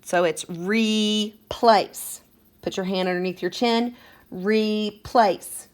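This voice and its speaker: A woman's voice: on the low side, brisk, smooth. A woman teaching a second grade phonics lesson, patient and encouraging as she sounds out words for children.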